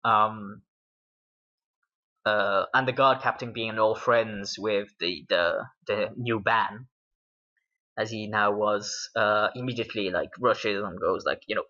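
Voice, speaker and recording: A man's voice: fairly low pitch, fairly even intonation, moderate pace, bright, forceful tone. A man from Britain, a game master, casually recapping his tabletop sessions in a rambling way with plenty of fillers. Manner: rambling, with many fillers and laughs. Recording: dull lo-fi recording.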